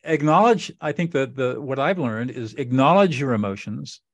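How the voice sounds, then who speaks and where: A man's voice: medium pitch, expressive, normal speed, no echo. A middle-aged man hosting a podcast interview, explaining in an earnest, instructive way and repeating phrases for emphasis. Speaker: podcast host. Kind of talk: conversational interview.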